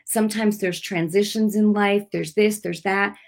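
A woman's voice: mid-range voice, steady tone, moderate pace, darkish tone. Preaching woman, earnest and conversational, unscripted with frequent restarts. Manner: unscripted, speaking without notes. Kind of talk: informal sermon.

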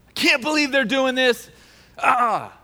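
A man's voice: very high-pitched, unhurried, fairly bright tone, clean tone, voice pushed up. A man voicing a scornful ancient male governor who mocks his rivals in a jeering, sarcastic tone, within a sermon. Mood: mocking.

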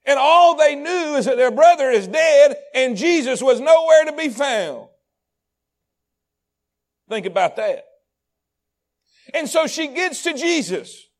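A man preaching a sermon. He repeats phrases in a rhythmic build and swings between hushed, intimate lines and shouted peaks. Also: extremely high pitch, animated, takes it slowly, long pauses. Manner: repetitive, rhythmic delivery. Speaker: pastor.

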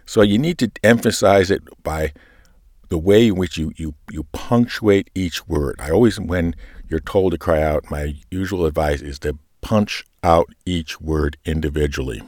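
Man, very deep voice, reading coach, measured explanations, dry recording. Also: a little mellow, no room sound. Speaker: lector coach. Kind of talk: reading instruction.

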